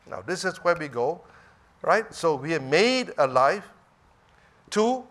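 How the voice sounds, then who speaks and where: Very animated, a male preacher gives a sermon in a high, fairly bright voice, slow and full of emphasis. He pauses frequently to confirm his listeners are still with him.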